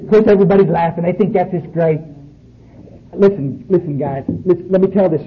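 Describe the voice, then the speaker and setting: A man's voice: sits high, brisk. A man, speaking bluntly and profanely to a room full of people at a recovery meeting. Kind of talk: speaking to an audience. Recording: muffled recording with faint noise.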